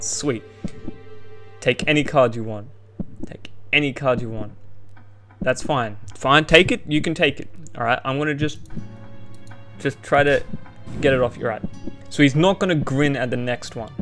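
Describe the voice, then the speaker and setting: A young man giving excitable, profane let's-play commentary while talking to his viewers. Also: medium pitch. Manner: excitable, swears freely, talks to viewers. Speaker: gaming YouTuber.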